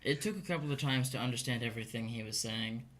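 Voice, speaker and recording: A man's voice: mid-range voice, fast talker, fairly bright tone. A man co-hosting a community TV movie talk show, chatting in a wry, offhand way and laughing along. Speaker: co-host of a movie review show. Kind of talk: casual chat.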